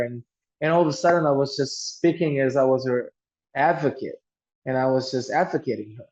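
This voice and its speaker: A man's voice: mid-range voice, brisk, a little mellow. Guy telling his story, earnest, lots of restarts, kinda muffled lo-fi sound. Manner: earnest, with frequent restarts and repeated words. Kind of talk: personal storytelling.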